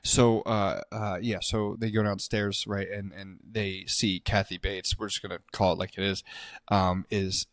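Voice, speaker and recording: A man's voice: on the low side, a little slow, no echo, clean studio sound. Joking man co-hosting a movie podcast. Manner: crude, joking, animated storyteller. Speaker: podcast co-host. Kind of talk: casual movie review chat.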